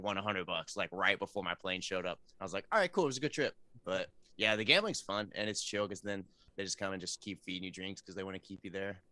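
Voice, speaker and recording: A man chatting casually as a guest, easygoing and relaxed. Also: low-pitched, dry recording. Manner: easygoing, quick talker. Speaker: guest musician. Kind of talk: casual chat.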